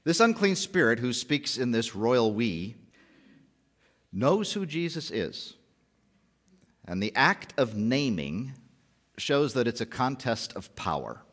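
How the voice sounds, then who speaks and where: A man's voice: mid-range voice, very animated, slow, pauses often, fairly bright tone. A male pastor giving a conversational sermon, often posing rhetorical questions to the congregation.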